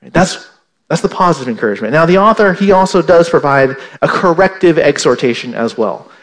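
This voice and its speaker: A man's voice: a little high, lively intonation, fairly quick. A male pastor preaching a sermon, asking "right?" again and again and repeating his key points for emphasis. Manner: acts out imagined indignant listeners with a raised voice.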